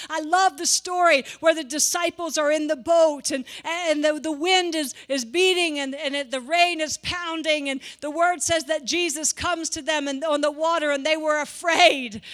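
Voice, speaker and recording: A woman's voice: high-pitched, steady tone, normal speed, hardly any pauses, a bit bright. A woman preaching a sermon to a church, speaking with passion, repeating words and building to emphatic peaks.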